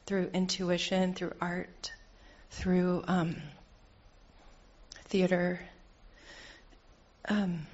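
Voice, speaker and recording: A middle-aged woman speaks slowly in a group circle, her voice a little low. She halts and searches for her words as she shares. The recording is muffled and lo-fi. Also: a little mellow. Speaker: couples therapist. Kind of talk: personal sharing in a group.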